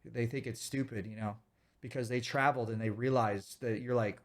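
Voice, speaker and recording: A man's voice: mid-range voice, steady tone, normal speed. Heated, foul-mouthed male streamer rant. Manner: heated, profane, repetitive ranting; thanks viewers for donations mid-rant. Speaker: streamer reacting to videos. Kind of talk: casual livestream rant.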